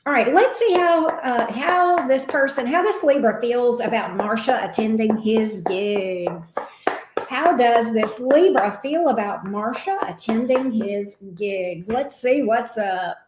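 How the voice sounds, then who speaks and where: A woman's voice: a little high, takes it slowly, background noise. A woman with a Southern US accent hosting a casual live tarot stream, breezily greeting viewers by name in a folksy way. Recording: roomy echo.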